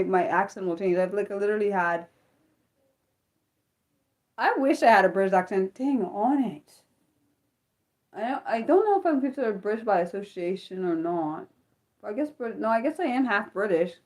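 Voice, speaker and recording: An American woman hosting an unscripted livestream, chatting in a rambling, animated way with many fillers and restarts. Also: medium pitch, moderate pace, long pauses. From Maryland, United States. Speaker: livestream host. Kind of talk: unscripted livestream chat, answering viewers.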